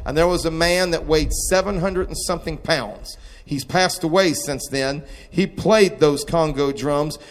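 A man preaching a testimony sermon, moving between quiet storytelling and shouted exclamations. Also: fairly high pitch, measured pace. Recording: long hall reverb.

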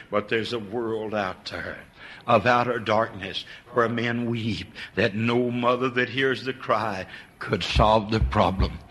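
An older man preaching a sermon. He swings from a low hush to high, impassioned cries, repeating words and stumbling over restarts.

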